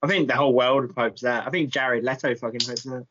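Laughing podcast co-host. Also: male voice, medium pitch, fairly even intonation, brisk, a bit bright, lo-fi sound. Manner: laughs often, self-deprecating. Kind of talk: casual chat.

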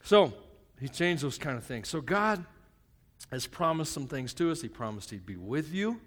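A man preaching a relaxed, joking sermon, plainspoken and a little crass. His voice sits fairly high for a man. It rings out with a long reverb through a large church hall. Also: normal speed. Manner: conversational and joking, swinging from hushed to shouted; self-described plain and a bit crass. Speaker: pastor. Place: church service.

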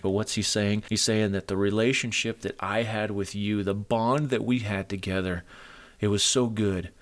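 A middle-aged man preaching a sermon to men, earnest and moved, retelling stories with feeling. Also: lowish voice. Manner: emotional, earnest storytelling.

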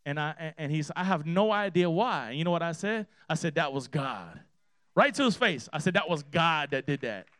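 A man preaching a sermon in a church, telling a personal story with emphatic repeated phrases, swinging from hushed to loud. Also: fairly high pitch, lively intonation, moderate pace, dry recording, studio quality. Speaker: pastor.

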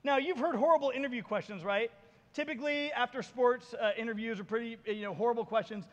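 A man's voice: extremely high pitch, fast, fairly bright tone, dull audio. A male pastor preaching a sermon, telling stories animatedly and acting out the voices of the people in them. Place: church sanctuary. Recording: reverberant church hall.

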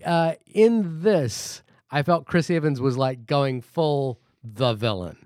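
A man's voice: mid-range voice, slow, darkish tone, no room sound, clean studio sound. A man from New Zealand co-hosting a casual podcast chat, often restarting sentences while he hunts for words. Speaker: podcast co-host. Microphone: studio microphone.

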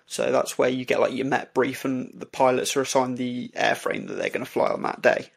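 A man, a podcast co-host, telling a story in casual chat, halting with many fillers and restarts. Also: medium pitch, huge pitch swings, gravelly. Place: indoor recording for podcast.

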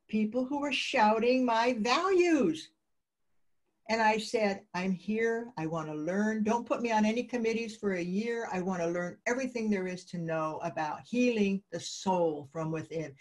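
A woman guest in an interview, telling lively anecdotes and acting out the dialogue of the people in them. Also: mid-range voice. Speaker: guest, peace advocate. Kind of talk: interview storytelling.

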